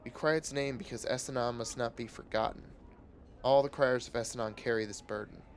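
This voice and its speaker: A man voicing a hoarse, grieving male holy crier who speaks in a slow, solemn way. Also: mid-range voice, steady tone, slight background noise, natural voice. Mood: mournful.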